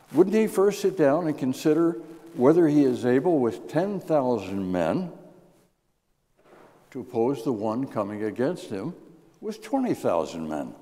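A man giving a New Year's Day sermon, reading scripture and a poem in a measured, expressive way. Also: mid-range voice. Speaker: guest preacher. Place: church sanctuary. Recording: reverberant church hall.

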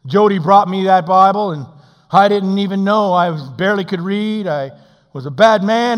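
A man's voice: high-pitched, normal speed, long reverb tail. Older preacher man with folksy humor. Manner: animated and emphatic, folksy humor, quoting scripture. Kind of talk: sermon.

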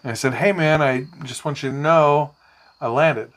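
A man's voice: fairly high pitch, normal speed. Rambling, profane storyteller man. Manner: rambling, profane, animated anecdotes. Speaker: podcast co-host. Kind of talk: casual storytelling chat.

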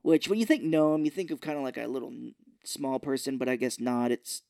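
A man co-hosts a casual movie podcast, recapping scenes with crude jokes. His voice sits at an ordinary middle pitch. The recording is dry and close. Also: brisk, gravelly, warm tone, no echo. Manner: jokey, acts out characters in silly voices, swears freely. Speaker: podcast co-host.

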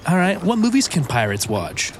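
A man's voice: high voice, huge pitch swings, normal speed. Flustered stammering man in a noisy recording. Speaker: skit partner playing first mate.

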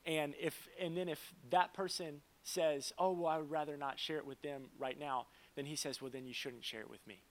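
A man's voice: fairly high pitch, fairly even intonation. Casual young male pastor preaching. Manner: casual, conversational preaching with quick asides; plays up stories for laughs. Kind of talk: sermon.

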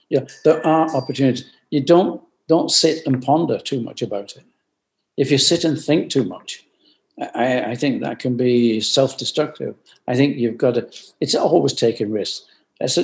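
An older man talks over a video call, thoughtful and earnest. He circles back to his points with repeated phrases and lets his voice sink into soft, quiet asides. His pitch sits in an ordinary middle range. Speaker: guest, company founder.

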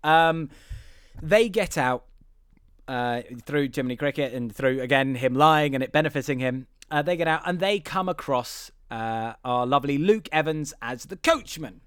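A man co-hosting a casual film podcast, talking in an animated way with loud emphatic outbursts and some swearing. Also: a little high, normal speed, smooth, no room sound, clean studio sound. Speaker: podcast co-host. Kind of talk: casual film review chat.

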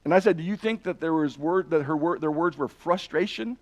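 A man's voice: a little high, brisk. A man preaching a sermon, earnestly retelling and reading scripture passages aloud with emphasis. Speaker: pastor.

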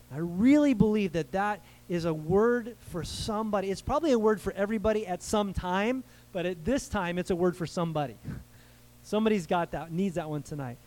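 A man's voice: on the high side, a little mellow, rough recording. A man preaching a conversational sermon from the United States, asking his listeners questions and calling for amens. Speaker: pastor.

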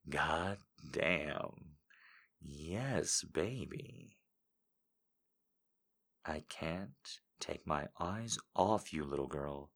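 A dominant, seductive man who speaks slowly in a soft, low murmur, as a man puts him on. The voice stays hushed and smooth and dips well below the man's usual pitch. He leans into each line and draws the words out. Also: expressive, exaggerated voice. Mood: sultry. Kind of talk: reading viewer quotes in a put-on voice.

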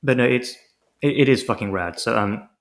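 Guy with a gravelly voice, rambly sarcastic podcast chat. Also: mid-range voice, moderate pace. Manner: rambling, sarcastic, lots of restarts. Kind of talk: casual chat recapping a TV episode.

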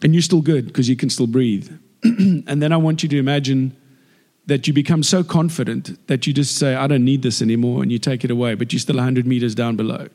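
A man preaching a sermon in a chatty, jokey, animated way. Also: medium pitch, a little fast. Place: church hall. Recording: echoey hall with long reverb.

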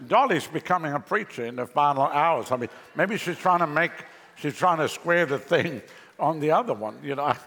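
A man preaching a sermon as pastor, animated, with sweeping pitch jumps and chuckling asides. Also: slightly rough, big-room sound.

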